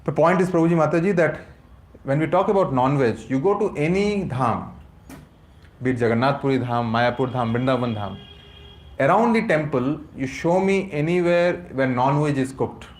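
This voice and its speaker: A man with an Indian accent giving a lively lecture to a class, asking rhetorical questions and mixing English with Hindi. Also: fairly high pitch, moderate pace. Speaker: course teacher at a temple.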